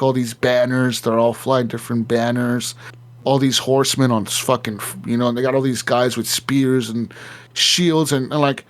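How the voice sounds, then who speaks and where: A man at an average pitch, chatting on a casual gaming podcast. He tells a long game story with plenty of swearing and acts out each character's lines as he goes. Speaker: podcast co-host.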